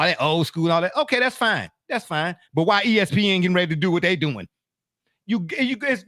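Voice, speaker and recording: A man's voice: high voice, fairly bright tone, no room sound, clean studio sound. A middle-aged man co-hosting a sports talk show, emphatic and slangy, laughing often as he argues.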